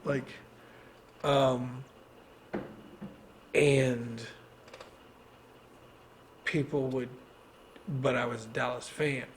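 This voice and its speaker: A man's voice: mid-range voice, steady tone, very slow, pauses often, slight background noise. A man in his thirties from Texas, rambling in casual podcast chat, swearing and laughing often. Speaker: podcast host.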